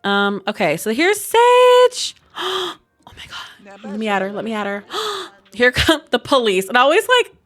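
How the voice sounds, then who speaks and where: A young woman casually commenting while she plays a life-sim game, chatty and giggly, breaking into high squeals over cute moments. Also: sing-song, moderate pace, bright, forceful tone, faint music behind. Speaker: gaming video creator. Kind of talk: casual let's-play commentary.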